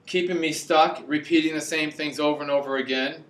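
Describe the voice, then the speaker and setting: A man giving an animated spiritual talk to a live audience, repeating himself and acting out quotes. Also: a little high, brisk. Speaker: spiritual speaker. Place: meeting hall with a live audience. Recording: echoey room, mic at a distance.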